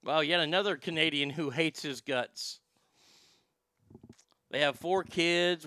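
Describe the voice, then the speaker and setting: Guy doing a crude rambling comedy rant, high gravelly voice, crisp. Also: moderate pace, sharp tone, no echo. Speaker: comedy show host. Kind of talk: stand-up style comic monologue.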